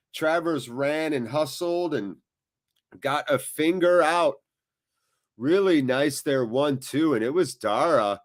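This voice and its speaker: A man hosting a live football watchalong, commentating on the match and chatting with viewers, with loud reactions to big moments. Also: on the high side, slow pace. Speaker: watchalong host.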